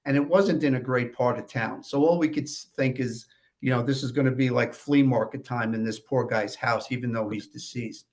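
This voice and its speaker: A man's voice: mid-range voice, fairly even intonation, normal speed, a little mellow. A man from New York speaks as a podcast guest in a mid-range voice, easygoing and conversational. He recounts grim work stories in a plain, matter-of-fact manner and keeps dropping little "you know" asides. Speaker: podcast guest, former death investigator. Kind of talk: casual storytelling conversation.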